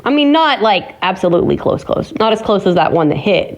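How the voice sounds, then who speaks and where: A woman's voice: mid-range voice, big pitch swings, brisk, creaky, hardly any pauses, poor audio. A woman chatting casually at home on her vlog, rambling and exclaiming, sometimes muttering to herself. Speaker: vlogger. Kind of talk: casual chat.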